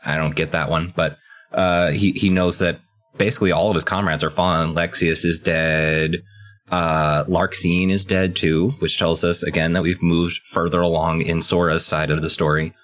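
A man co-hosting a podcast, chatting casually as he recaps a video game and breaks into quick, excited rushes of speech. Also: sits low. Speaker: podcast co-host.

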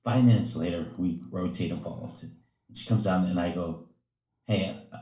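A man's voice: low voice, normal speed, mellow, reverberant. A man who coaches gymnastics, telling a story in casual chat, rambling with many fillers and acting out quotes. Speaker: gymnastics coach, podcast co-host.

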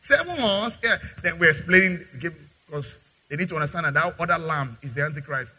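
A middle-aged male pastor preaching a sermon, acting out little dialogues and swinging from quiet to loud. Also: on the high side, lively intonation, fairly quick, poor audio. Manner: preaching with dramatic acted-out dialogue and big swings in loudness.

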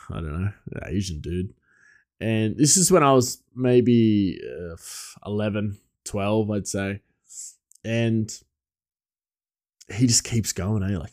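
A man's voice: deep voice, darkish tone, no echo, clean studio sound. A man who works as a chef, telling a personal story in a casual, rambling way with lots of fillers. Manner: rambling, many fillers and restarts, laughs often.

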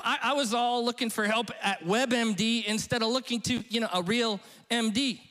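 A man's voice: very high-pitched, fairly even intonation, normal speed, few pauses, a bit bright. A middle-aged male pastor preaching a humorous, conversational sermon, teasing himself and chatting with the congregation. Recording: long reverb of a large hall.

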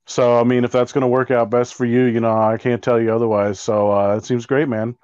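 A man's voice: medium pitch, little pitch movement, a little fast, a little mellow, clear, resonant tone, no echo. A man in casual chat, rambling and exasperated as he tells a story, swearing freely. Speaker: co-host telling a work story. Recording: dry, slightly dull recording.

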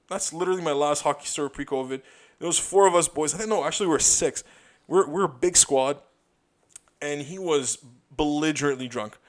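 A young man, a comedian, telling loose stories in a rambling, profane way, full of restarts and "dude". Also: fairly high pitch. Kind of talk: casual storytelling monologue.

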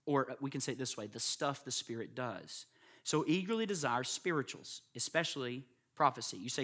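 A man's voice: mid-range voice, lively intonation, normal speed, fairly bright tone. A man preaching a sermon to a room of pastors, emphatic and constantly checking in with his listeners. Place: live before a room of listeners.

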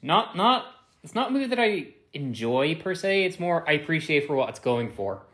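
A man's voice: a little high, very animated, moderate pace, fairly bright tone. Easygoing man agreeing in casual chat. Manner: easygoing, agreeable, frequent yeahs. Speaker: podcast co-host. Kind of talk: casual movie-review chat.

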